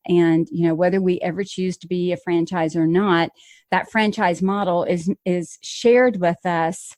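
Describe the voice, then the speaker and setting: A woman's voice: on the low side, fairly even intonation, a little slow, darkish tone, no echo, studio quality. A woman hosting a podcast interview, talking in an earnest, emphatic, conversational way. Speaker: podcast host.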